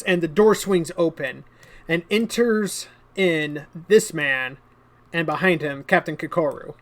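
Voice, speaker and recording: A game master narrating a tabletop game in a relaxed way, often breaking into laughter. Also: medium pitch, unhurried.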